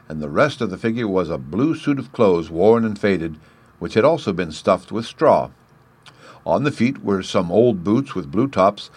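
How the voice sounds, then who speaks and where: A man narrating a classic children's book in an expressive storytelling manner. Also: on the low side, breathy edge.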